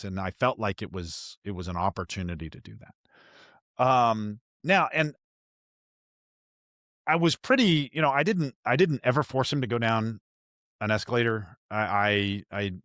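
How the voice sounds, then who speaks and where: A man's voice: fairly low pitch, fairly bright tone, no echo, clean studio sound. Candid man telling a parenting story. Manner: candid, self-reflective, many restarts. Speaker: podcast host. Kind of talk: casual storytelling chat.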